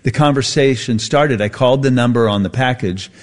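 A man's voice: mid-range voice, brisk. A man hosting a radio show, casually telling a story and acting out the voices in it. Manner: storytelling, mimics voices for effect. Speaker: radio host. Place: radio studio.

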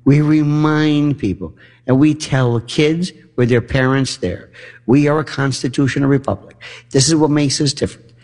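Gravelly, animated American man ranting. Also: medium pitch. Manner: animated, ranting, rhetorical questions. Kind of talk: casual monologue, animated storytelling.

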